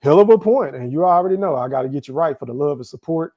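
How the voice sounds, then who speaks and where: Animated man hosting a live boxing podcast. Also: on the high side, quick pace, muffled recording. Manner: animated, laughs often, talks straight to the chat. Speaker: podcast host. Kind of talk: casual live-stream commentary.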